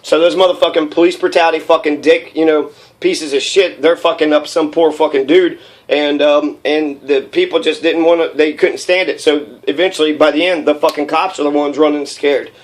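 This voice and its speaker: A man's voice: fairly high pitch, steady tone, normal speed, hardly any pauses. A young man delivering a heated, profane political rant, rambling with many fillers.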